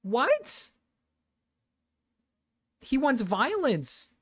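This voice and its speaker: A woman's voice: high voice, huge pitch swings, very slow, fairly bright tone. A woman streamer giving casual reaction commentary, rambling and profane, laughing often.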